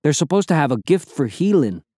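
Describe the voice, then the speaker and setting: A man's voice: on the high side, sing-song, a little fast, warm tone, slightly rough, dry recording, studio quality. A man reading an audiobook, voicing an eager male lookout decked out in knives.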